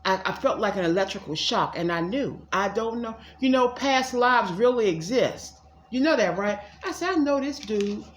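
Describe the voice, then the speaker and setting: A woman's voice: medium pitch, expressive, normal speed. A woman from the DC rambles through a casual tarot reading at home, talking to her viewers as y'all and circling back over the same words. Her voice sits in a middle range and carries a noticeable room echo. A faint hum of background noise sits underneath. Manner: chatty, addresses viewers as y'all, repeats herself. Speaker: psychic tarot reader.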